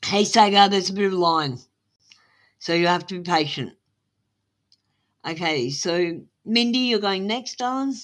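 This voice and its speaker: A woman's voice: mid-range voice, animated, a little slow, pauses often, poor audio. A middle-aged woman with an Australian accent doing a live tarot reading, blunt, motherly and swearing freely. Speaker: tarot reader.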